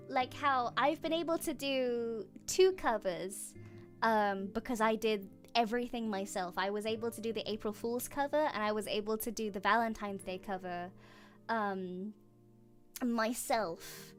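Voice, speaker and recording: A young woman streaming a casual chat as a VTuber, bubbly and prone to squealing over fan art. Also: fairly high pitch.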